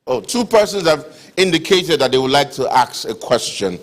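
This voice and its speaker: A man's voice: a little high, big pitch swings, moderate pace. Courteous man hosting an event. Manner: courteous, formal phrasing. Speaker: master of ceremonies. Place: lecture hall.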